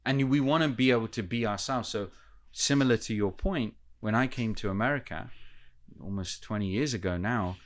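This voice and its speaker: A man with a British accent, a communication coach explaining points in a measured, coaching way during an interview. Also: fairly low pitch, no echo. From United Kingdom. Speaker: communication coach, podcast guest. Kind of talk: casual interview chat.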